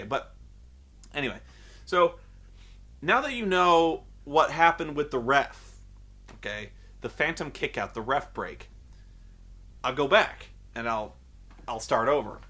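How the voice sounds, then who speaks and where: A fairly high, bright-toned man rants in a casual review, and his pitch swings widely. He is sarcastic and swears freely, and he keeps wandering off on tangents before catching himself. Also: slow, long pauses. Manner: animated, profane, sarcastic, goes off on tangents. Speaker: wrestling show reviewer. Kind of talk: casual ranting commentary.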